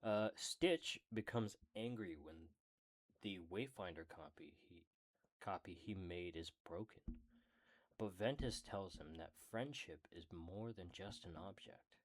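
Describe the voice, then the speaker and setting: A man casually reading a character book aloud, often stumbling over words, correcting himself and apologizing. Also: deep voice. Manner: slow, halting reading. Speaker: hobby reader of a character book. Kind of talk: casual read-aloud with asides.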